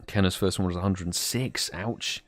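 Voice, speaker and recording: A man's voice: deep voice, fairly even intonation, normal speed, dry recording, faint music behind. A young British man hosting a live stream, chatting casually and greeting viewers by name. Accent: British English. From United Kingdom. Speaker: livestream host.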